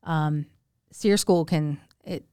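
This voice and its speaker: Animated storytelling woman, smooth voice. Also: slow, no room sound, studio quality. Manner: animated, acts out quoted voices with big pitch jumps. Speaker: podcast guest. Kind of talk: casual storytelling.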